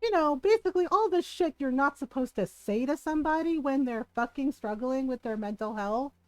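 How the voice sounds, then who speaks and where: Candid, swearing woman streamer, higher voice. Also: expressive, fairly quick, darkish tone, dry recording, faint music behind, poor audio. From Filipino family background. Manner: candid and profane, tags lines with "right?"; laughs often mid-sentence. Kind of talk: casual chat with stream viewers while gaming.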